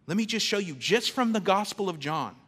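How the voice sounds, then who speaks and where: A man delivers a church sermon in a fairly high voice. He talks to the congregation casually, then turns emphatic and swings between loud declarations and hushed, intimate lines. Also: expressive, a little fast, husky. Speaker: pastor.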